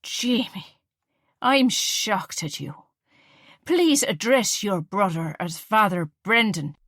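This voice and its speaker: A woman's voice: mid-range voice, animated, slow, fairly bright tone, no echo, clean studio sound, pitched above the performer's own voice, exaggerated voice. A woman voicing a tipsy, outspoken Irish mother from Kerry, slurring slightly and pushing her views. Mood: bossy, tipsy.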